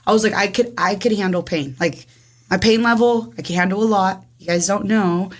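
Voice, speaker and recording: A woman in her twenties telling her own story in casual chat, rapid and animated, acting out what everyone said with lots of "like". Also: medium pitch. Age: 20s. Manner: rapid, animated, acts out dialogue with frequent "like". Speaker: guest.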